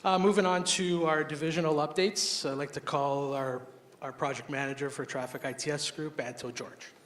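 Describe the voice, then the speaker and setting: A man's voice: on the high side, fairly even intonation, moderate pace, background noise. A man hosting a company event, casually introducing the next speaker. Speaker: emcee. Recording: echoey room.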